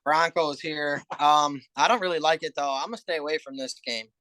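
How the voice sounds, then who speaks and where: Bright, fairly high man on a podcast. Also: fairly even intonation, fairly quick, no echo. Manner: hesitant, lots of uh and um. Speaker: podcast co-host. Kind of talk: casual sports betting chat.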